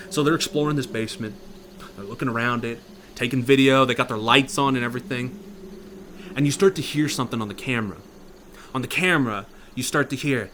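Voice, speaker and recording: A man improvising a horror story in a casual, profane way, dropping to a hush and then getting loud. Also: medium pitch, expressive, quick pace, slight background noise. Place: virtual reality chat room.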